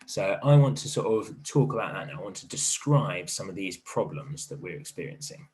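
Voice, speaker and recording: A man teaching an online primary literacy lesson in a gentle, encouraging way, thinking aloud as he writes. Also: low voice, very animated, normal speed.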